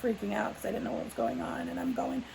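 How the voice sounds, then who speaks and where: Woman vlogger, young adult, gravelly and rambling, faint room hum behind. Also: medium pitch, huge pitch swings, fast talker, a little mellow, rough recording. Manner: rambling, full of "like" fillers and restarts. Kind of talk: casual sit-down storytelling.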